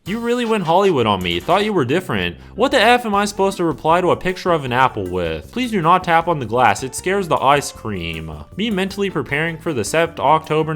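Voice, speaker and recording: A man reading meme captions aloud in a flat deadpan way, with sudden jumps in pitch. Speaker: meme compilation narrator.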